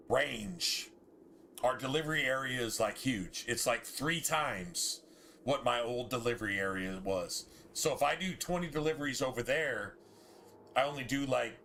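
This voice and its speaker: A man's voice: mid-range voice, a bit bright. A man, telling a story casually on a game stream and ranting in a heated, profane way with many restarts.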